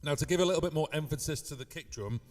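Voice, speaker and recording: A British man talks through his looping setup in a loose, rambling way, full of fillers and little beatbox sounds. His voice is warm and mellow. It rings with a long reverb, and faint music sits behind him. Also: on the high side, racing. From United Kingdom. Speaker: musician teaching live looping. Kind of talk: casual live-stream tutorial.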